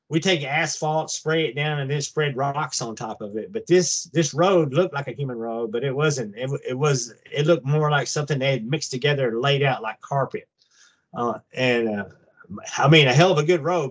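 A man over fifty telling a long personal story in a casual, halting way, full of restarts. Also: medium pitch. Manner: halting, rambling, with many restarts. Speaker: guest recounting an abduction experience.

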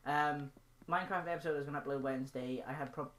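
A woman's voice: low voice, fairly even intonation, quick pace. A young woman chatting casually over a game in her vlog, rambling, silly and playful as she plays. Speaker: gaming channel host. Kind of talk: casual gaming vlog commentary.

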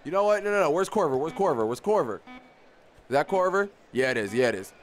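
A young man giving casual live commentary on his own basketball video game, excitable and often repeating himself as he talks to the players on screen. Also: a little high, a little fast, slight background noise. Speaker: gaming YouTuber.

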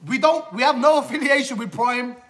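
A man's voice: extremely high pitch, brisk, a bit bright. A brash young man, chatting on a live stream and repeating himself to cut in. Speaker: livestreamer. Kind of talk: casual live stream chat.

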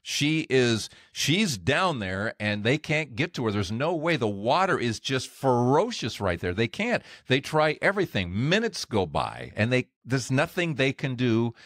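A middle-aged man hosting a podcast, retelling a story in an animated way and jumping his voice up when he acts out quoted lines. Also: mid-range voice, unhurried, hardly any pauses, no room sound, studio quality. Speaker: podcast host. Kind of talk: storytelling monologue.

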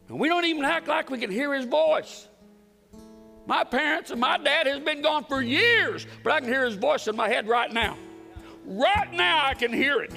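A man preaching a folksy, earnest sermon in a church, emphatic and sometimes dropping to a hush. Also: extremely high pitch, vocal fry. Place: church sanctuary. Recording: reverberant church hall with soft guitar.

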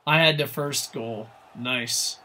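Guy streaming a hockey game, swears a ton, rambles and yells at the screen, bright tone. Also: medium pitch, takes it slowly, slight background noise. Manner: profane, excitable, chatting with viewers. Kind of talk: live gameplay commentary.

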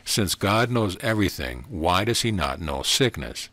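A man with a deep voice reading the lines of an eager, earnest minister who asks questions and sometimes hesitates, recorded dry. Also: big pitch swings, measured pace, sharp tone, dry recording, exaggerated voice. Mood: earnest questioning.

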